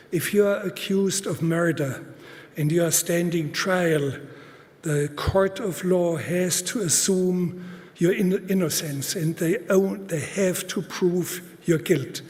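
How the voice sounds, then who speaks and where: A man giving a public lecture at a conference, speaking deliberately and emphatically with many halting pauses. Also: fairly high pitch, darkish tone. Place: large conference hall. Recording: reverberant hall.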